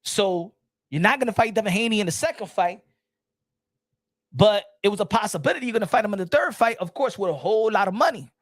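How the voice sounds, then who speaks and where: A man giving casual boxing commentary, animated, repeating himself and firing off rhetorical questions. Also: high-pitched, quick pace, no room sound. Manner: animated and repetitive, many restarts and rhetorical questions.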